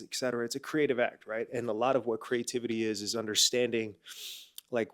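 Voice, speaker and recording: A man in his mid-twenties, a clothing brand owner and entrepreneur, gives a casual motivational talk to camera in a congested, nasal voice of ordinary middle pitch. His slangy delivery is full of bro and man, swinging between loud emphatic pushes and quiet asides.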